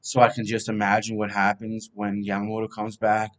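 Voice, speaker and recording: A man's voice: lowish voice, monotone, fairly quick. A man hosting a fan podcast, casually previewing a hockey team's schedule and thinking aloud as he talks.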